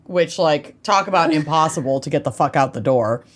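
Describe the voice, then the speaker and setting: A woman's voice: low voice, a little fast. A woman in her thirties co-hosting a podcast in casual chat, wry and blunt, swearing offhandedly. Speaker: podcast co-host.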